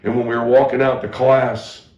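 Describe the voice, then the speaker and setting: A man's voice: mid-range voice, level tone, normal speed, darkish tone, muffled recording. A middle-aged man, a pastor, telling a candid and self-deprecating story from his own training as part of a teaching talk for ministry staff, often restarting his sentences. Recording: echoey room.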